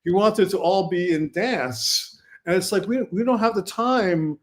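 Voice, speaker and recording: A man from Brooklyn, a film director, telling animated anecdotes as a podcast guest. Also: high voice, unhurried. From Brooklyn, New York. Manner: animated anecdotes, quotes himself and others. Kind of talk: casual storytelling.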